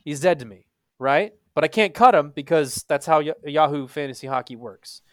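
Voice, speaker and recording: A young man from Texas, hosting a casual hockey podcast, animated and swearing freely. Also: on the high side, normal speed, no echo. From Texas, USA. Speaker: podcast host.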